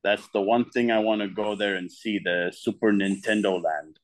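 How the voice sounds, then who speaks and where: A man's voice: lowish voice, fairly even intonation, moderate pace. A man from the UAE answering interview questions eagerly, often restarting his sentences. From United Arab Emirates. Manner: eager, with frequent restarts and repeats. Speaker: guest artist. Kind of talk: casual interview talk.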